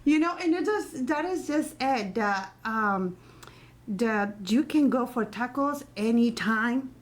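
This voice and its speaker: A woman from Mexico with a Mexican Spanish accent, talking casually as a guest, with many pauses, fillers and restarts. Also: a little high, animated. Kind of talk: casual chat.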